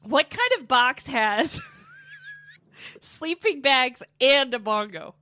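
A woman's voice: high voice, big pitch swings, slow, bright, forceful tone. A woman co-hosting a podcast in casual comedic chat, laughing often, swearing and telling stories with animation. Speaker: podcast co-host.

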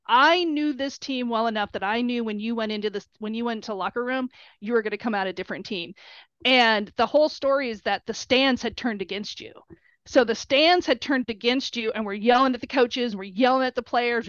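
A middle-aged woman, a player's mother, telling animated stories in an interview and acting out quotes in a shrill high voice. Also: a little fast, no echo. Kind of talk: storytelling interview. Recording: dull lo-fi recording.

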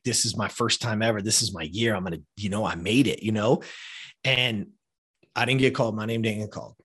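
A man's voice: mid-range voice, a bit bright. Heartfelt fifty-something man telling a story. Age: 50s. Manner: heartfelt, frequent "like" and "you know", casual swearing. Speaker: podcast guest. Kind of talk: emotional personal storytelling.

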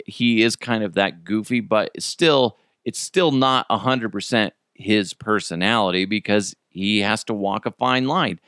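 A man's voice: on the low side, no room sound, clean studio sound. A man in his thirties hosting his own podcast in a casual, joking way, swearing freely as he tells stories. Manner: animated, joking storyteller who swears freely. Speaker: podcast host. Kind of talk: casual solo podcast chat.

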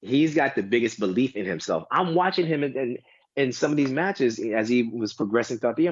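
A man from the United States chatting casually as a podcast guest, rambling with lots of restarts and animated asides. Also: medium pitch, a little fast, breathy edge, dry recording. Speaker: guest DJ and tennis fan. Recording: dull lo-fi dry sound.

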